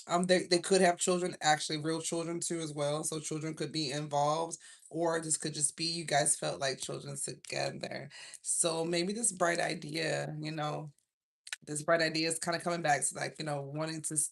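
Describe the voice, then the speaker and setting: A woman with a Southern US accent, chatting casually through a live tarot reading from home, slangy and quick to laugh. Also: sits low, creaky. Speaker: tarot reader.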